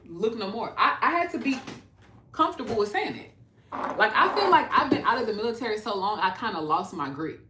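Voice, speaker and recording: A Texas woman in her thirties hosts a casual livestream, speaking earnestly to her viewers and calling them "y'all." Her mid-range voice is expressive and a bit bright, at a moderate pace.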